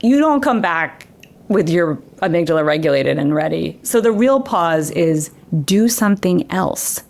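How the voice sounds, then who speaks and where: Woman educator, deep-ish voice, chatty interview guest who acts out little quotes. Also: animated, measured pace, creaky, darkish tone. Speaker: guest educator and former children's TV director. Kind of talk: conversational interview, explaining brain science.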